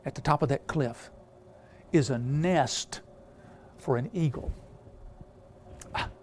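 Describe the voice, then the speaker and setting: A man's voice: medium pitch, takes it slowly, long pauses, darkish tone. A man preaching a storytelling sermon, rambling with many filler sounds and restarts.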